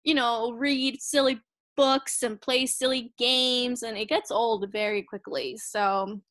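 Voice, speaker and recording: A woman in her thirties chats casually as a co-host, a little high in pitch. She talks in an animated way, often laughs and acts out what people said. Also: takes it slowly. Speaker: podcast co-host. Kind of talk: casual chat.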